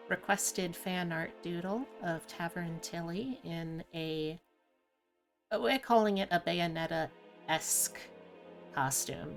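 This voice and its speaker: A woman streamer talking slowly in a fairly low voice, chatting casually from a home setup at her desk microphone. She keeps a low-key, self-deprecating ramble going, with faint music under her. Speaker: streamer host. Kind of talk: casual live-stream chat.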